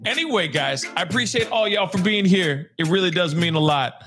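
A man's voice: sits high, lively intonation, fairly quick, a bit bright, soft background music. A man hosting a casual live news commentary show, talking straight to his viewers and laughing at his own jokes.

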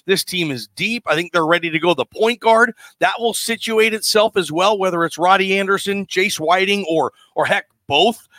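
An American man talking sports on the radio, chatty and quick to get excited as his thoughts jump around. His voice is bright and fairly high for a man, recorded close with a dry sound. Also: dry recording. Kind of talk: casual sports talk.

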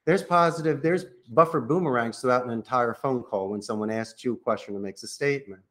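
Energetic salesman man coaching. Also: mid-range voice, fairly quick. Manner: energetic salesman, coaching listeners with role-played phone calls. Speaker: call center CEO, guest. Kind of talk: podcast interview, coaching monologue.

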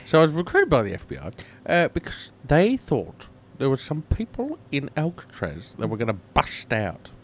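A man co-hosting a comedy podcast, spinning playful deadpan tall tales. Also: a little high, normal speed, few pauses, slight background noise. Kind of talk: improvised absurd storytelling.

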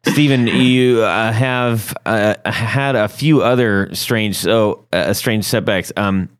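Man, podcast host, lowish voice, casual, quick reactive interjections. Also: clean tone.

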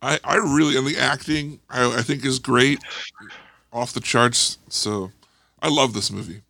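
A man's voice: medium pitch, unhurried, creaky, pushed and bright, no room sound, studio quality. A man chatting casually about a movie on a podcast, enthusiastic and full of fillers. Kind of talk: casual movie review chat.

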